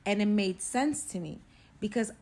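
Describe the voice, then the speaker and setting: Animated young woman telling a story. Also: mid-range voice, normal speed. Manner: rambling, filler-heavy, animated. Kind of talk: casual storytime vlog.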